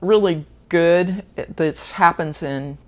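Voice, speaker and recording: A woman from Southern Arkansas talking casually about books she has read, wandering a little and pausing with fillers to recall details. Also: on the low side, lo-fi sound. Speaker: book reviewer. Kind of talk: casual book review monologue.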